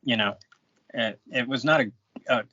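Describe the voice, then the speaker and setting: A man's voice: medium pitch, a little fast, bright, forceful tone, breathy edge, dry recording. A man co-hosting a podcast in casual chat, easygoing with chuckling asides. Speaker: podcast co-host. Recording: dull lo-fi dry sound.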